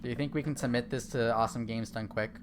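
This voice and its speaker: With background noise behind him, a young man streams a horror game and chats casually in a fast, steady, mid-range voice. He rambles, using many fillers and restarting often.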